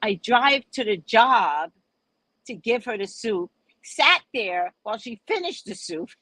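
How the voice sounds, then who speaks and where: With a New Orleans accent, an older woman hosts a casual live chat, her storytelling lively and full of vocal swings. She sounds a little high and unhurried, and the recording is dry and rough.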